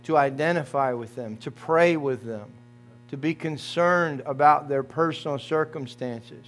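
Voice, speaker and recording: A man preaching to his congregation in a folksy, direct way. His voice sits a little high. A low mains hum runs underneath the recording. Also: fairly bright tone. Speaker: pastor. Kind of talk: sermon.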